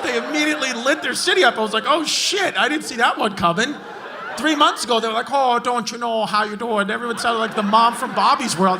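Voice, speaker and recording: A man doing crowd work as a stand-up comedian, brash and profane as he mocks hecklers in a large club. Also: high voice. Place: large comedy club before a live audience. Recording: live club recording with crowd noise. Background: crowd laughing.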